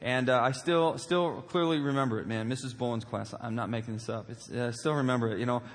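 A pastor preaching a humorous, story-driven sermon in a large auditorium, animated and jokey, with many fillers and asides. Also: male voice, medium pitch, fast. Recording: long auditorium reverb.

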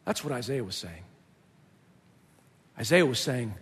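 A man's voice: medium pitch, very animated, a little slow, long pauses, breathy edge. A male pastor preaching a sermon in an emphatic, explanatory way. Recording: long reverb of a large hall.

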